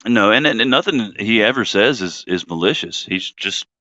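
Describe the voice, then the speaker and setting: A man hosts a casual live-stream chat in a bright, forceful voice that sits slightly low. He rambles, drifts off topic, laughs at himself often, and sounds close and dry. The stream audio is dull and lo-fi. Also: expressive, moderate pace, dry recording. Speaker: host.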